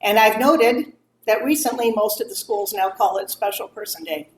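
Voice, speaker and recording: At a moms' group, a middle-aged woman talks candidly about grief, animatedly acting out the remarks people made to her. Her voice is medium-pitched and her pace moderate. The echoey room has faint ambience and a noisy background.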